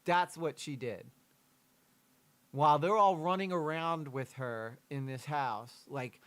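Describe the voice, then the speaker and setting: A man's voice: mid-range voice, measured pace, fairly bright tone. A young man, a streamer, reacting to a true crime video and talking candidly and emotionally about his daughter, swearing casually. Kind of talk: livestream reaction commentary.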